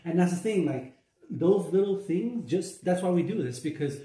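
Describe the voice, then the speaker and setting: A man's voice: high-pitched, expressive, normal speed, a crowd in the background. A man hosting a podcast in casual chat, reacting with short encouraging remarks and swearing. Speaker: podcast host. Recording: echoey room, distant mic.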